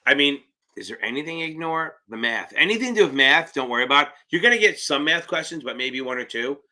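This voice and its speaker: A man tutors exam students on a live stream, answering their questions in a loose, rambling way. His voice sits a little high and rings very bright and sharp. He is blunt and swears freely as he goes. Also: animated, fast talker.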